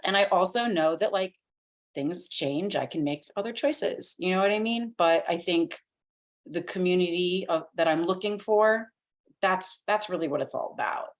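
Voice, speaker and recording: A woman's voice: fairly low pitch, expressive, moderate pace. A young woman chatting casually as a podcast guest, often saying "like" and acting out her own thoughts.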